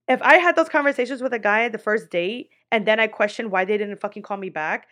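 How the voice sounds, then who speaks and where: A woman's voice: mid-range voice, fast talker, few pauses, a bit bright. Young woman host speaking into a podcast mic, candid storytelling, salty language, lots of "like". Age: 20s. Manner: blunt, heavy swearing, frequent "like" fillers. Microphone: podcast microphone.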